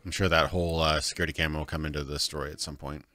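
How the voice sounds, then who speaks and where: A man's voice: extremely low pitch, steady tone, rapid-fire, sharp tone, no room sound. A man livestreaming a video game, thinking aloud and chuckling, sometimes unsure what to do next. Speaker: streamer. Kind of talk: livestream gameplay commentary.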